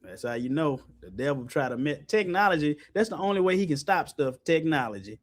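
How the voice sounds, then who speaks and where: A man teaching Bible study in an animated, colloquial way, speaking on a video call. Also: brisk. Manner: lively, colloquial, jumps high in pitch for emphasis, laughs often.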